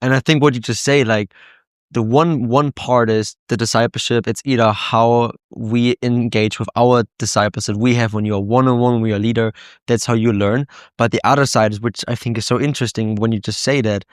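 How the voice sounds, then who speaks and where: A man's voice: mid-range voice, fairly even intonation, fairly quick, clean tone, dry recording, clean studio sound. A man hosting a podcast. He reflects on what was said, asks questions, and chimes in to agree. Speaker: podcast host. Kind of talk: conversational podcast interview.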